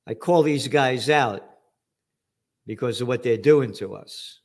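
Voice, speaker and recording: A man's voice: mid-range voice, slow pace. Angry older man ranting profanely. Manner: angry, profane, emphatic ranting with sarcastic mock quotes. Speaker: trends forecaster hosting a news commentary. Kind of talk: ranting news commentary.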